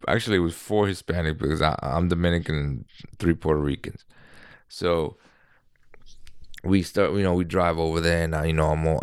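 A man's voice: extremely low pitch, smooth, no echo, clean studio sound. A middle-aged man telling a rambling story on his podcast, with profanity and constant self-corrections. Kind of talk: casual storytelling. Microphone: podcast microphone.

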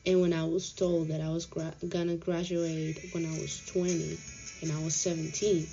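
A woman's voice: sits low, little pitch movement, normal speed, creaky. A young woman candidly retelling a hard stretch of her life in a frank, slangy way, English not being her first language. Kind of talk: personal storytelling. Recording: dull lo-fi audio with faint music.

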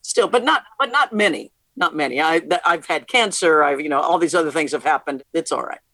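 A woman's voice: sits low, lively intonation, a little fast, a bit bright, no room sound. A middle-aged woman, a rock musician, talking candidly as an interview guest, laughing often and restarting her sentences. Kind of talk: casual interview conversation.

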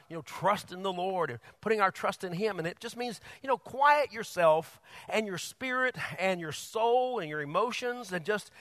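A male pastor preaching a sermon, animated, laughing often and bursting loud on quoted lines. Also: high-pitched, no echo.

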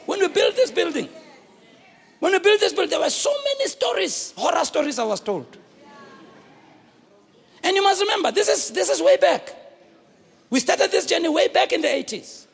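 A middle-aged South African man preaching a lively sermon as a bishop, often shouting and acting out the characters in his stories. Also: extremely high pitch, gravelly. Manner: animated, often shouting, acts out voices. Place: large church hall. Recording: live church recording with long reverb.

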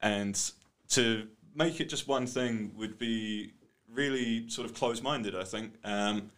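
A man's voice: fairly low pitch, slow, fairly bright tone. A man from Britain, a guest in a studio interview, talking casually and hesitantly with many fillers. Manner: hesitant, many "um"s and "you know"s. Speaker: guest, art company co-founder.

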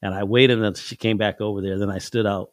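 A man's voice: fairly low pitch, steady tone, fast talker, no echo, studio quality. A middle-aged man telling stories from his life in a casual chat, folksy and chuckling, acting out the people in his anecdotes.

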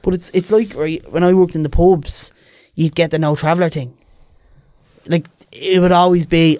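A man's voice: fairly high pitch, a little fast, no echo, clean studio sound. A young man with a Dublin accent, a podcast guest telling stories in casual chat and putting on voices for the people in them. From Ireland. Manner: lively, animated, puts on voices in anecdotes.

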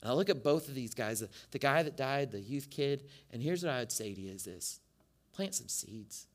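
A middle-aged male pastor preaching a sermon, telling stories earnestly, rising loud at times and then dropping soft and low. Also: expressive, moderate pace.

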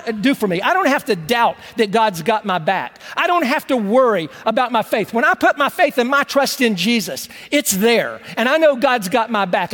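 A man preaching a sermon as pastor in a church, talking conversationally, repeating words as he starts sentences and slowing down to stress key phrases. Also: high voice, a bit bright, big-room sound. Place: church sanctuary.

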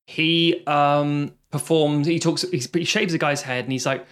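A man's voice: a little high, fairly even intonation, normal speed, hardly any pauses. Sardonic man reviewing films. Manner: sardonic, swears, mimics people. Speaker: podcast co-host. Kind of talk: casual film review chat.

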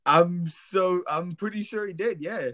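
A man's voice: high voice, a little slow, a bit bright, no room sound, studio quality. A man trades casual banter on a podcast in an easygoing way. He teases his co-host and laughs along with him. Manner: laid-back, laughs along, teasing. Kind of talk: casual chat.

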